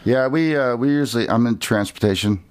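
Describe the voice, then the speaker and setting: A man's voice: mid-range voice, fairly quick, clear, resonant tone. Blunt cursing man, podcast guest. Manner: blunt, swears freely when ranting. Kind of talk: casual chat.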